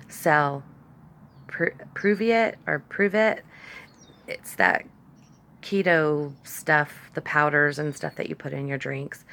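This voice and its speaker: Gravelly low-voiced woman rambling. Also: a bit bright. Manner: chatty, rambling, talks to her dogs. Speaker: vlogger. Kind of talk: casual rambling storytelling. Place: outdoors with her dogs. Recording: faint background noise.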